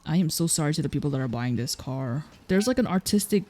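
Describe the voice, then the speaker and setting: Mumbling low-energy let's play voice. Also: animated, fast talker, dark tone. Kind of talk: casual gameplay commentary.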